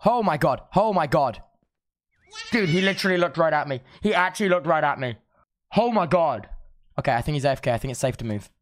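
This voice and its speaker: A man's voice: fairly high pitch, lively intonation, brisk. A young man streaming a game, giddy and starstruck, gasping and babbling as he chats. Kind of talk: excited gaming chat.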